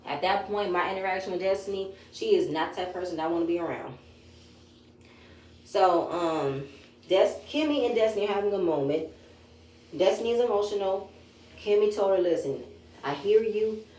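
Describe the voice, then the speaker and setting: A woman's voice: mid-range voice, fairly quick, pauses often, darkish tone. A woman giving a chatty, opinionated recap of a reality show, retelling scenes in her own words. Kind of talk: casual episode review. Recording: echoey room.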